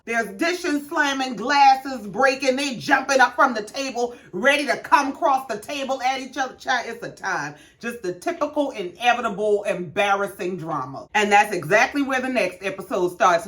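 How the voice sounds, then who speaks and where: A woman's voice: fairly high pitch, animated, moderate pace, a bit bright. A woman giving a sassy, casual recap of a reality show, acting out the quotes in raised voices. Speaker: recap host.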